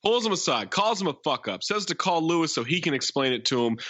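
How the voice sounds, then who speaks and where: Bright, animated man recapping a movie. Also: a little high, fast, dry recording. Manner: lively, recaps plot with wry jokes. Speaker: podcast co-host. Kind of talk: casual movie review chat, recapping the plot.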